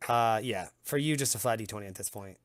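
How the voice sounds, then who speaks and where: A man's voice: fairly low pitch, quick pace, dry recording. A man running a tabletop game as game master, narrating loosely with casual fillers.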